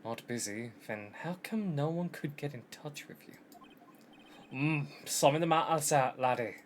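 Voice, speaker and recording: A man's voice: a little high, animated, moderate pace, a little mellow, slight background noise, lightly acted. A man voicing a pompous elderly male lawyer in a wobbly mock-Scottish lilt, calling people "boy" and "laddie". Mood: brusque.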